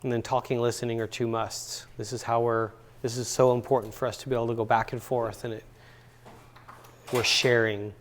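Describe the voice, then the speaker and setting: Man teaching a relaxed relationship seminar. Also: medium pitch, a little fast, slight background noise. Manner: conversational, repeats words for emphasis. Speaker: seminar speaker and counselor. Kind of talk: relaxed seminar talk with stories. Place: university seminar room.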